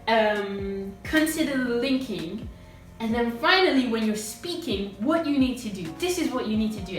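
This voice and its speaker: A woman gives a pronunciation lesson, carefully saying short phrases and then repeating them at a slow, clear pace. Her voice sits in a very echoey room, heard from some way off the mic. Faint music plays underneath. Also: medium pitch, recorded from a distance. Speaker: English teacher.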